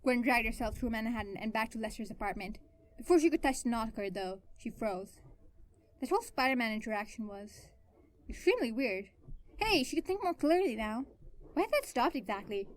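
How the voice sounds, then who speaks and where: A woman reading her own fan fiction aloud, in an expressive way that swings between soft and loud. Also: fairly high pitch, brisk. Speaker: fan fiction writer and narrator.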